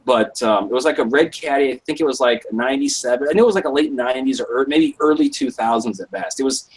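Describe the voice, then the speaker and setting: On a rough-sounding recording, a young guy rambles through a story during a live stream, his mid-range voice quick and a little breathy. He curses constantly and leans heavily on "like" in this casual, wandering tale.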